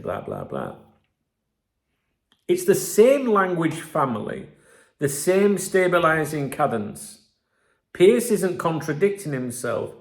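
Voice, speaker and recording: A man hosting his channel, giving casual commentary while reading out analysis, animated and conversational, often checking in with "right?". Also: medium pitch, reverberant. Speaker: channel host.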